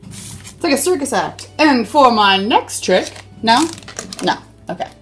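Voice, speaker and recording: A woman's voice: fairly high pitch, animated, takes it slowly, a bit bright, slightly rough, soft background music. A woman hosting a toy unboxing, chatting casually in a playful way and tossing in silly sound effects.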